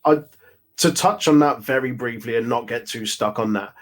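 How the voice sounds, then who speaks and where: A man from Coventry with an English Midlands accent, a podcast guest speaking from his home office, easygoing and quick to laugh. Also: medium pitch. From Coventry, England. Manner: easygoing, laughs often, measured opinions. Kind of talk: casual wrestling chat.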